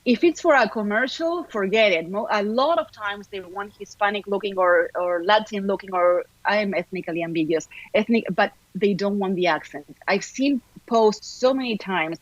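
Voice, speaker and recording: A woman's voice: medium pitch, normal speed, few pauses, dry recording. Upbeat Argentine-accented woman, muffled sound. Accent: Argentine Spanish. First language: Spanish. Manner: upbeat, animated, talkative. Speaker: actor, podcast guest. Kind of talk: casual interview chat.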